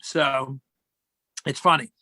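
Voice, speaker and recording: A man's voice: mid-range voice, steady tone, takes it slowly, sharp tone, no room sound. A middle-aged man, a guest in casual chat, telling rambling joking stories.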